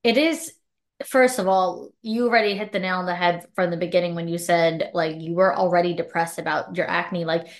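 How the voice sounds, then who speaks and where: A woman's voice: fairly low pitch, steady tone, a little fast. A young woman hosting a podcast interview, talking casually with many filler words. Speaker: podcast host.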